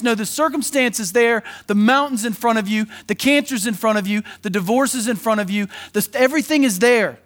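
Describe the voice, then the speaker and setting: A man preaching a sermon in an energetic, conversational way, slipping into quick acted asides. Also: high-pitched. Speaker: pastor.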